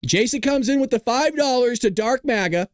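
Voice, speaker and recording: A man's voice: very high-pitched, lively intonation, moderate pace, dry recording, studio quality. A man hosting a live political commentary stream, talking casually to his chat, jokey and profane. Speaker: livestream political commentary host.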